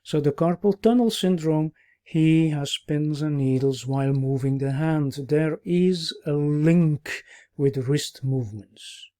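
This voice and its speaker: A man teaching a recorded clinical course, explaining at an even pace with many "uh" pauses and checking "yeah?" tags. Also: fairly high pitch. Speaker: orthopaedic medicine instructor.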